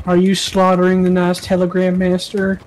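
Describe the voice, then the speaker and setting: A man chatting in character during an online roleplay game, telling stories in an animated way and swearing freely. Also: high-pitched, normal speed. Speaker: roleplay gamer.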